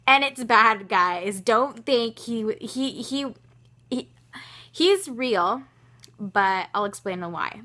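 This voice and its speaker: An eighteen-year-old woman telling a personal story to her vlog viewers, animated and exasperated, with lots of fillers and restarts. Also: mid-range voice. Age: young adult. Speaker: vlogger.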